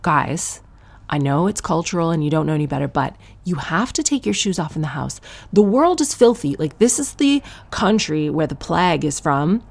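A woman talks through her week as a podcast host, in a brash, ranting comic monologue. Her voice sits low with a gravelly fry, and her tired manner breaks into loud, animated outbursts. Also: moderate pace. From Canada. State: tired new mother.

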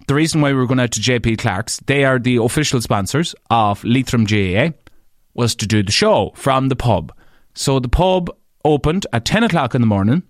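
A man with an Irish accent, a podcast and radio host, tells stories in a casual monologue. He swears freely and jumps up in pitch when he stresses a point. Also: no room sound, studio quality. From Ireland. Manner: animated, swears freely, leaps up in pitch for emphasis.

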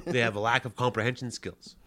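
A man's voice: medium pitch, fairly even intonation, moderate pace, pushed and bright. Blunt, profane young man from Canada. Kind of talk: casual chat.

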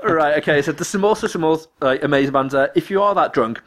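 A man's voice: a little high, fast. Man telling a story on a podcast. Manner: laughs while telling stories. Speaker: podcast co-host. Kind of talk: casual chat, anecdote telling.

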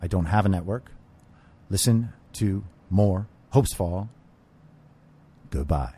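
A man's voice: deep voice, slow, warm tone, breathy edge. A man hosting a political commentary podcast, talking in a blunt, emphatic and opinionated way into a close microphone. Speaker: podcast host.

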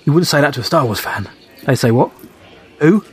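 A man's voice: mid-range voice, expressive, quick pace, husky. A man co-hosting a podcast in casual, enthusiastic chat, often laughing. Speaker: podcast co-host.

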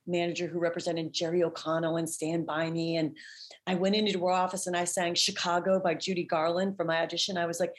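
A woman guest in an interview, telling her stories in a chatty, animated way. She often backs up and restarts her sentences as she goes. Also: lowish voice, brisk. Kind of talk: storytelling in an interview.

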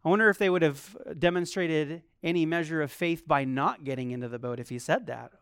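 A preacher delivering a sermon in a lively way, firing rhetorical questions at the congregation. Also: mid-range voice, brisk, clean tone, no echo, clean studio sound. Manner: acts out quoted complaints in a softer voice.

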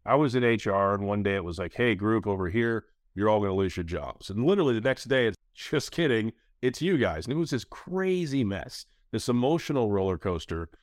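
A man in his thirties hosting a casual podcast, telling stories in an animated way. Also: on the low side, fairly quick, hardly any pauses, no room sound, studio quality. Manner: animated storyteller, acts out quoted voices. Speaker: podcast host.

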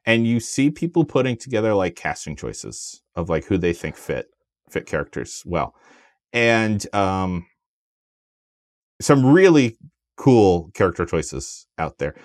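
A man co-hosting a podcast in casual chat, animated, with plenty of fillers and restarts. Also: deep voice, unhurried, no echo, clean studio sound. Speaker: podcast co-host.

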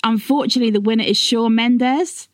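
A woman's voice: a little high, steady tone, fairly quick, a crowd in the background. A young woman co-hosting a casual chat, playfully reading out categories and giggling as she goes. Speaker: co-host.

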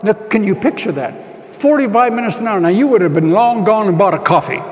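A man preaching a sermon, telling a story with acted-out dialogue and rising to shouts. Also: high-pitched, lively intonation, brisk, in a large hall. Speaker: pastor.

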